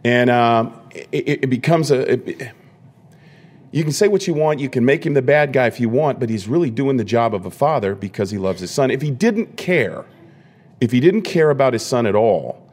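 A man's voice: medium pitch, lively intonation, moderate pace, a little mellow, husky. A man, an opera singer on a panel, talking emphatically about his character and often repeating words as he starts a thought. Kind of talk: panel interview.

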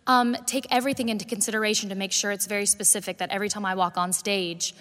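A woman's voice: mid-range voice, steady tone, fast talker, a bit bright. A woman, an actress in a musical, speaking earnestly in a panel interview and correcting herself as she goes. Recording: hall reverb.

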